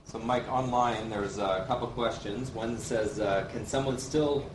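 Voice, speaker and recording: A man co-hosting a live question-and-answer session, reading out questions in a relaxed way. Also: medium pitch, unhurried. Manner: relaxed, laughs between remarks. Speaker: co-host relaying online questions. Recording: echoey room with faint noise.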